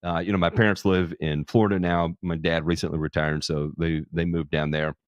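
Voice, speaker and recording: A man's voice: sits low, flat delivery, a little fast, clear, resonant tone, dry recording, highs cut off. A man hosting a charity livestream, talking casually in a candid, profane, self-deprecating way. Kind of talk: casual chat.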